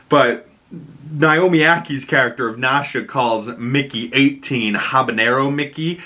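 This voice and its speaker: A man's voice: mid-range voice, pushed and bright. A young man casually reviewing a movie, chatty and rambling, laughing at his own jokes.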